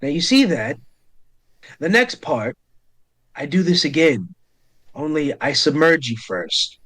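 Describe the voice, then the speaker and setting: A cold interrogator delivers threats slowly and calmly, as a man puts him on in a tabletop game. His voice stays level and quietly menacing. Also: on the high side, full character voice. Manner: slow, calm, threatening.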